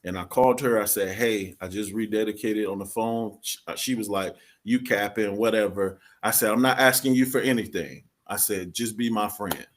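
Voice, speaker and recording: A podcast guest with a low-sounding voice talks at normal speed, barely pausing. He recounts his story sincerely and confessionally in casual slang.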